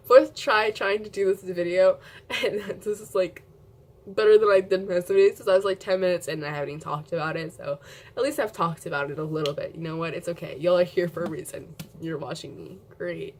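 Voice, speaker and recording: A woman's voice: lowish voice, steady tone, fairly quick, slight background noise. A young woman vlogging at home into her camera mic, chatty and giggly, rambling with lots of filler words. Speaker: beauty vlogger. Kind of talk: casual rambling vlog.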